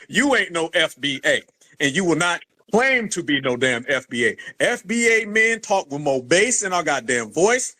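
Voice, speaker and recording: A man hosting a live online debate, loud and combative, talking over callers. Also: on the high side, lively intonation, normal speed. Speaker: livestream host. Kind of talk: heated live stream debate.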